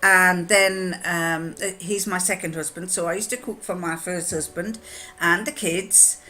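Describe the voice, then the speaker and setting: A woman's voice: lowish voice, steady tone, unhurried, bright, forceful tone, slight background noise. An older woman chatting to camera, rambling with frequent ums and restarts as she tells anecdotes. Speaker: vlogger answering a tag challenge. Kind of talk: casual chat to camera.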